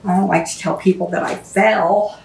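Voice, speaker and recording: A woman hosts a home cooking show from her kitchen, chatting casually and rambling into stories as she cooks. Her medium-pitched voice is steady, darkish, moderately paced, and shows vocal fry. The echoey kitchen is recorded with a distant mic, with slight background noise and the clatter of dishes and utensils.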